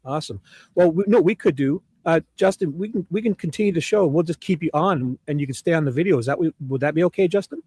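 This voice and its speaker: Man, upbeat co-host, fairly high voice, dry close sound, friendly and repetitive. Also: quick pace, dark tone, slightly rough, no room sound. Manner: friendly, repeats words, laughs often. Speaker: livestream co-host. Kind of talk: casual chat.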